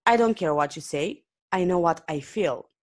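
A woman reading as a calm, quirky wanderer. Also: on the low side, normal speed, lightly acted. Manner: calm, gently insistent. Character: calm, quirky wandering man offering help.

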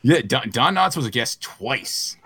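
A man's voice: medium pitch, big pitch swings, unhurried, pushed and bright, husky, dry recording. A man hosting a casual chat show, rambling through lists with fillers and laughs. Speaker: host.

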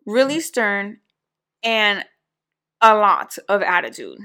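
A woman's voice: medium pitch, slow pace. Young woman co-host, casual talker, acts out quotes. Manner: animated, acts out quoted voices. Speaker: podcast co-host. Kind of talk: casual storytelling chat.

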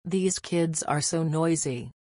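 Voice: mid-range voice, slow, darkish tone, no room sound, clean studio sound. A narrator voicing a grumpy old woman who hates kids. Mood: irritated.

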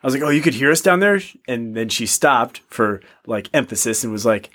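A man's voice: medium pitch, expressive, a little fast, a bit bright. A man co-hosting a podcast in casual banter, pressing his point and repeating himself. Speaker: podcast co-host.

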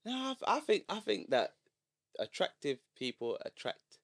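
Lively, playful man. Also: a little high, husky, no room sound, studio quality. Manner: playful, slangy, quick to joke. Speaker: podcast co-host. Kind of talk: casual chat.

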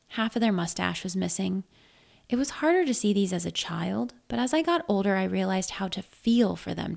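A woman narrating a first-person story in a measured, reflective way. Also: medium pitch, creaky.

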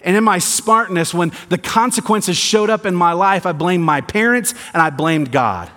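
A male pastor delivers a sermon, dropping to quiet, deliberate points and then building in intensity, sometimes with sarcasm. His voice sits slightly high for a man. The sound rings out with the long reverb of a large church hall. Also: animated. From American South. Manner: swings from quiet emphasis to rising intensity, sarcastic asides.

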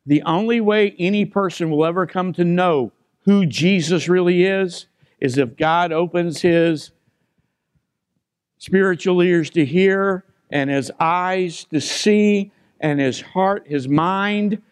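A man's voice: high voice, slow, clean tone, no room sound, clean studio sound. A man preaching a sermon as pastor, stressing key phrases by repeating them and putting questions to the congregation.

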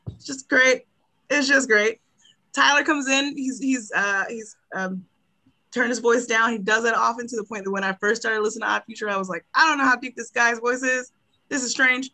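An enthusiastic woman chatting as a podcast guest, her voice bright and forceful. She laughs often and pauses with fillers while she gathers her thoughts. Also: fairly high pitch. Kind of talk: casual chat.

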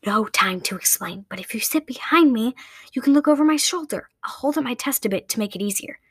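A woman's voice: on the high side, lively intonation, brisk, close to an everyday voice. A woman voicing a confident, scheming schoolgirl with a breezy, offhand manner, as she reads a story aloud.

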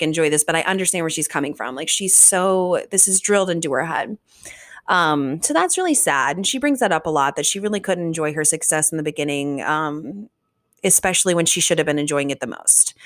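A woman's voice: fairly low pitch, a bit bright. A young woman hosting a podcast, recapping a book in a chatty, casual way, full of fillers and swearing. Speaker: podcast host. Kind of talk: casual chat.

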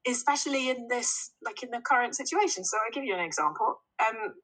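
A woman's voice: fairly high pitch, expressive, fairly quick, fairly bright tone, poor audio. A woman talking in an earnest, casual chat, laughing often.

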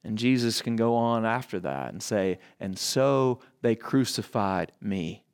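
A man's voice: lowish voice, expressive, measured pace, clean tone. A male pastor preaching a sermon, building emphasis through repetition and rhetorical questions.

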